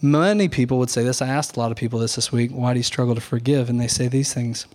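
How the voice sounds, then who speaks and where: A man, a pastor, preaching an earnest Sunday morning sermon at a measured, deliberate pace, pausing on key words. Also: medium pitch, a little mellow.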